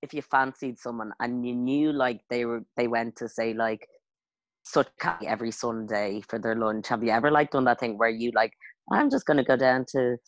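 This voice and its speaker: A woman's voice: rumbling low, normal speed, no echo, highs cut off. A woman chatting casually, rambling and self-conscious with many fillers. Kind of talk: casual chat.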